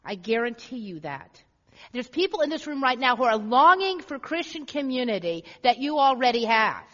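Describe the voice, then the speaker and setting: A woman's voice: fairly high pitch, big pitch swings, moderate pace, bright, forceful tone. A woman pastor preaching a sermon in a church, earnest and repeating phrases for emphasis. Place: church sanctuary. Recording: echoey hall, dull lo-fi sound.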